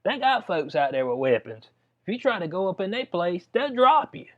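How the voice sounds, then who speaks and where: His high-pitched voice swings widely in pitch while he keeps a moderate pace. As a video commentator, he reads a letter aloud and offers drawling, conversational reactions, addressing the listener as "bud." The recording has a dull, lo-fi quality.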